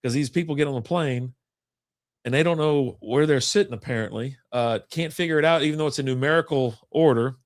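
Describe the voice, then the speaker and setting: A man's voice: mid-range voice, brisk, no room sound, clean studio sound. A man co-hosting a casual chat, telling a long story in a rambling, profane way and acting out what people said. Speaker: podcast co-host.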